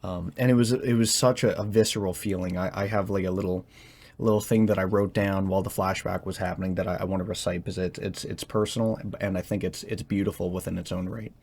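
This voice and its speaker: Speaking low with vocal fry, this young male vlogger sounds a little mellow and husky. He stumbles and pauses while searching for words in a confessional monologue about himself, and he sounds tense throughout.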